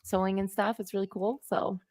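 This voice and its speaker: A woman's voice: mid-range voice, level tone, a little fast, a little mellow, dry recording. Chatty, enthusiastic woman. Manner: enthusiastic, chatty, laughs often. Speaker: guest co-host. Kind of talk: livestream chat.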